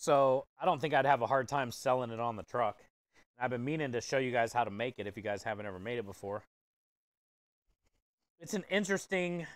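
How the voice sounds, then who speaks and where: A man with a smooth, resonant voice talks casually to his livestream chat as he preps food in a kitchen. He is easygoing and jokey, chuckling as he goes. The sound is dry and close, with no room echo. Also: medium pitch. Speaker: food truck chef and livestreamer.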